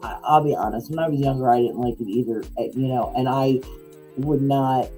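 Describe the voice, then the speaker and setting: A woman's voice: extremely low pitch, a little fast, dark tone, faint music behind, low-quality recording. A middle-aged woman co-hosting a podcast in casual chat, rambling with lots of likes and restarts. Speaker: podcast co-host.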